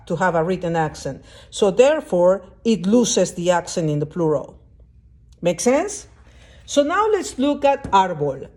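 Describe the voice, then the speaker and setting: Woman, teacher, slow-paced, patient, step-by-step explanation, mid pitch. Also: darkish tone. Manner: patient, explains step by step, often checks understanding. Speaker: Spanish teacher. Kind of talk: classroom lesson.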